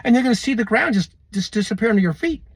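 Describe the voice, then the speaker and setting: A man's voice: high-pitched, animated, racing, husky, dry recording. A man hosting a prophecy video, preaching to camera with exuberance, calling out to viewers and laughing often. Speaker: end-times prophecy video host.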